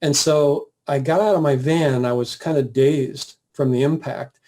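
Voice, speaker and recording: A man guest earnestly recounting a personal story in a plain, steady way, with the odd filler. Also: mid-range voice, moderate pace. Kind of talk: personal testimony, casual storytelling.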